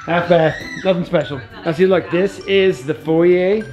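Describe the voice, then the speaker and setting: A man and father hosting a casual family home-tour vlog, excitable and full of exclamations as he talks to his kids and viewers. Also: sits high, unhurried, lo-fi sound. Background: background music.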